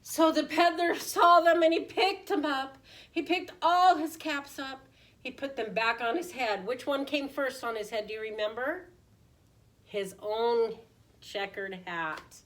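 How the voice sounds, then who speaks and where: A woman preschool teacher reading a picture book aloud in an animated way, often asking the children questions. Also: high voice, measured pace. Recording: voice distant from the mic.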